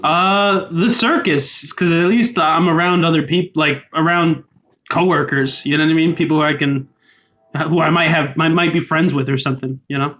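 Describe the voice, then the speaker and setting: A man with a somewhat high voice, easygoing and quick to laugh, answering questions in a casual group chat. His sound is dull and lo-fi, like call audio. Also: steady tone, a bit bright.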